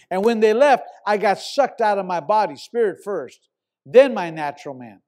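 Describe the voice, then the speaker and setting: A middle-aged pastor with a notably high voice delivers a sermon. He tells his story emphatically, doubling words for stress and moving between scripture and anecdote. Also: lively intonation, moderate pace, a little mellow.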